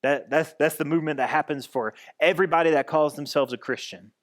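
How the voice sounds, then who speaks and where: A man's voice: on the high side, fast talker. A man pastor giving a conversational sermon, restarting and repeating phrases as he goes.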